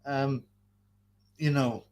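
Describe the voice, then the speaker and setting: A man's voice: mid-range voice, steady tone, drawn-out words, a little mellow, a little hiss or hum. Foul-mouthed man ranting, mask on. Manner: crude, mocking, laughs between lines. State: wearing a mask. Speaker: livestream host. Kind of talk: profane ranting livestream commentary. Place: hot basement.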